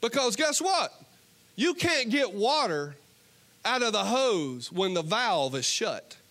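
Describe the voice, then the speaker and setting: A man's voice: sits high, very animated, slow pace. A man preaching a sermon as pastor, moving between fervent appeals and joking stories. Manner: impassioned, then joking storytelling. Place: church stage. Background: soft guitar worship music.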